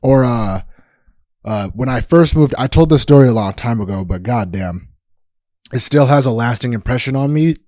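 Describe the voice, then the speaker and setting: A man's voice: mid-range voice, animated, normal speed, dark tone, dry recording. A man hosting a podcast, telling a story in a casual, rambling and profane way with sudden emphatic outbursts. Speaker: podcast host.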